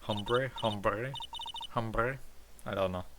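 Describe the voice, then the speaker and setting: A man's voice: lowish voice, lively intonation, measured pace, noisy background. A man streaming a video game in casual commentary, swearing and laughing freely while he reads game dialogue aloud. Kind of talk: casual let's-play commentary. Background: game music.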